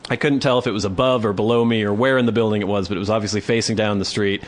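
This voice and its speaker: A young adult man co-hosting a podcast, telling a story in a casual, animated way and laughing often. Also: fairly low pitch, very fast. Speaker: podcast co-host.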